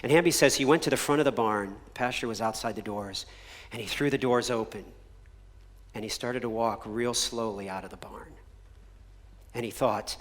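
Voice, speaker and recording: A man preaching a sermon as a pastor, earnest and measured, sinking to a soft near-whisper on key phrases. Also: medium pitch, in a large hall. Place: church sanctuary.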